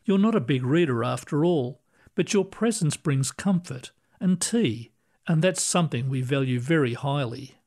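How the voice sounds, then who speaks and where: A man reading aloud, voicing a kindly, calm male ghost librarian who speaks gently and reassuringly. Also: on the high side, normal speed. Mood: gentle. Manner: gentle, reassuring, soft-spoken.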